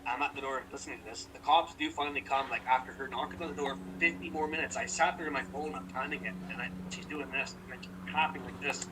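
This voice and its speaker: A man's voice: mid-range voice, steady tone, fast, hardly any pauses, recorded from a distance, noisy background. A young man co-hosting a podcast, telling a rambling story in casual chat, profane and heated. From British Columbia, Canada. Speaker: podcast co-host.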